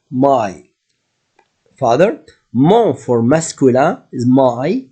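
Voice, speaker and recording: A man teaching beginner French, whose first language is Arabic. He explains in English and repeats each French word slowly. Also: mid-range voice, a little mellow, breathy edge. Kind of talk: slow classroom language lesson.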